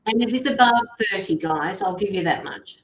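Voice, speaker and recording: A woman's voice: medium pitch, moderate pace, rough recording. An Australian woman hosting a tarot livestream, chatting casually and greeting viewers as she reads out their comments. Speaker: tarot reader and livestream host.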